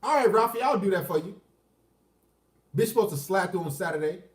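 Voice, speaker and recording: A man's voice: high voice, expressive, brisk, far from the mic. Ranting man with a roomy echo. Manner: crude, ranting, answers chat questions. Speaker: dating commentary streamer. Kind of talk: unscripted livestream rant.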